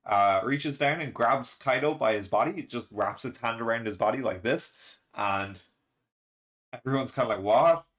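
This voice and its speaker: A man hosting a chapter reaction in a loose, rambling way. He talks at an ordinary middle pitch, gets excited, laughs a lot and leans on plenty of fillers. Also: moderate pace. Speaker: manga reaction channel host. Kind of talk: casual reaction and review commentary.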